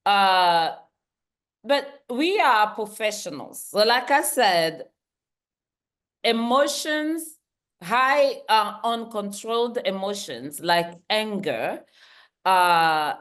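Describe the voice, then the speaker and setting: A woman's voice: medium pitch, lively intonation, extremely slow, a bit bright. A woman leading a leadership workshop, talking emphatically, repeating her key points and laughing easily. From Central Africa. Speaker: workshop trainer. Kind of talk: online leadership training talk.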